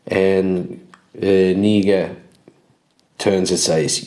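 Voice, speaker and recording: Acting as game master for a solo tabletop RPG, a man narrates in a somewhat low, slightly mellow voice. His delivery is slow and loose with restarts, and the room echoes noticeably.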